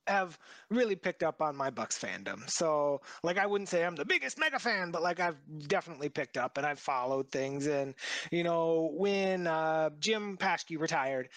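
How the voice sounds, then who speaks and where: Boston guy chatting on a podcast, kinda high voice, dry close sound. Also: fairly bright tone, no echo. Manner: chatty, quick asides with fillers. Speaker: podcast co-host. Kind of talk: casual chat.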